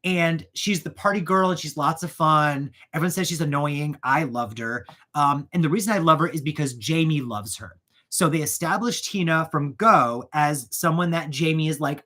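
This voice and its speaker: A man's voice: on the high side, a little fast. Man ranting animatedly about movies. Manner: animated, ranting, goes off on tangents. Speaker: channel host. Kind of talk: casual chat while gift wrapping.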